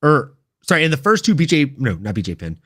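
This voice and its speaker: Male livestream host, bright and lively delivery, loose and profane. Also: fairly high pitch, quick pace. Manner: excitable, swears freely, laughs often. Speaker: podcast host. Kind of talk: casual livestream chat.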